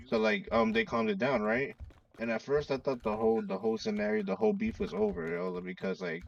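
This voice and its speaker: A man spins a story among friends, acting out every quoted line. His voice is gravelly and swings up and down, a touch high. He sounds distant and dull, like a lo-fi mic across the room. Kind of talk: casual chat.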